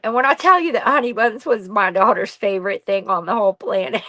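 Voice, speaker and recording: A woman's voice: medium pitch, fairly quick, pushed and bright, no echo, low-quality recording. Blunt, raw-spoken middle-aged woman. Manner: blunt and raw, swears freely. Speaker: podcast guest, bereaved mother. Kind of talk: candid personal storytelling.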